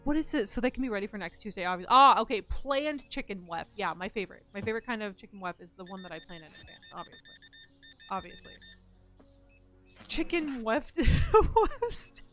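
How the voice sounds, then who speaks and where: A woman live-streaming from home, chatting in a self-mocking way as she plays and sometimes yelling loudly at the customers in the game. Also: medium pitch, lively intonation, fairly quick, faint music behind. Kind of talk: casual live-stream commentary while gaming.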